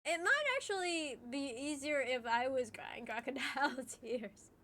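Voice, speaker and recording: A woman's voice: sits high, animated, unhurried, bright, forceful tone. A woman streamer chatting casually with her viewers while crying, laughing through her tears, apologizing and restarting her sentences. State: tearful, crying while talking.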